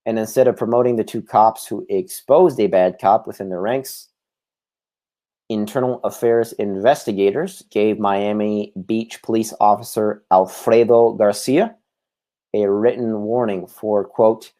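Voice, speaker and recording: A man's voice: on the low side, steady tone, measured pace, warm tone. A male podcast host reading news commentary, with occasional filler words, into his own microphone. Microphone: own desk microphone.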